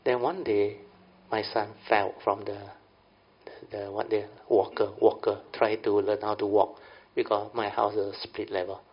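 Gravelly Malaysian-English man giving a Dhamma talk. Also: on the low side, little pitch movement, a little slow. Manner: folksy, often checks in with "understand?". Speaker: Buddhist teacher. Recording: dull lo-fi recording.

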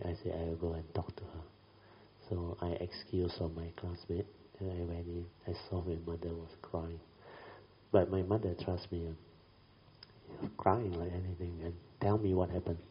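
A middle-aged man giving a Buddhist talk, telling a family story in a chatty way, often adding tag questions and laughing as he goes. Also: sits low. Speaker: Buddhist teacher. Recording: dull lo-fi recording.

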